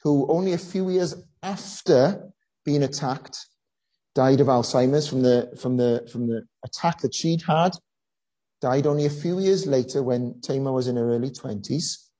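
A preacher giving a sermon, telling a story earnestly with frequent pauses and fillers. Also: medium pitch, warm tone, poor audio.

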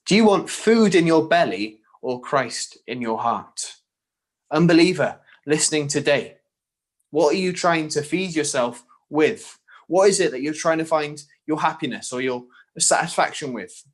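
A man's voice: on the high side, lively intonation, unhurried. A man preaching a sermon, earnest and direct, often posing rhetorical questions to his listeners.

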